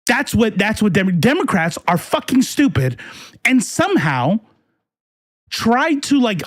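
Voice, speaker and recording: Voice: mid-range voice, no echo, studio quality. A political commentary host ranting to a live chat in a profane, combative way.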